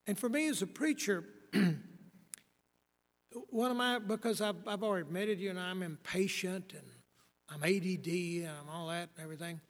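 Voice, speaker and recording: A man's voice: high voice, moderate pace, long reverb tail. A man in his sixties, a preacher giving a rambling, wry and blunt talk on preaching, with many fillers and restarts. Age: 60s. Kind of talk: lecture on preaching.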